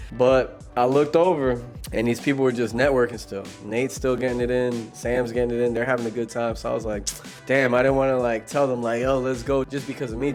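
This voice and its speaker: A man's voice: medium pitch, darkish tone. A young man casually telling a story, laid-back and slangy, with light music behind. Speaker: vlogger.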